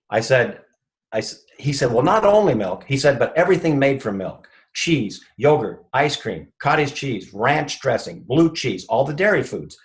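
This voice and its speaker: A man's voice: fairly low pitch, expressive, moderate pace, low-quality recording. A man, a chiropractor guest in an interview, telling an anecdote and acting out what each person said. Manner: retells conversations, acting out the quoted speech.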